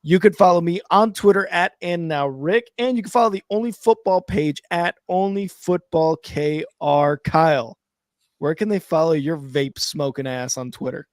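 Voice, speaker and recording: A man's voice: a little high, normal speed, no room sound. An upbeat man hosts a sports podcast with a slightly raised voice. He speaks close to the mic, and the room sound is dry. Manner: upbeat, enthusiastic sign-off. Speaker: podcast host. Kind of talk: casual sports chat.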